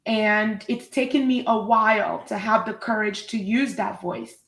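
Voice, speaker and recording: A woman's voice: fairly high pitch, steady tone, unhurried, fairly bright tone, echoey room, low-quality recording. A woman hosting a live online talk show, effusive and upbeat as she introduces her guest. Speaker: host.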